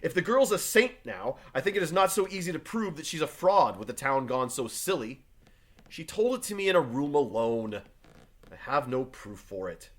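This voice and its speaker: A man's voice: fairly high pitch, very animated, normal speed. A man voicing John Proctor, a stubborn farmer husband, read aloud from a play with old-fashioned phrasing. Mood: earnest. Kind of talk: reading play aloud to a class.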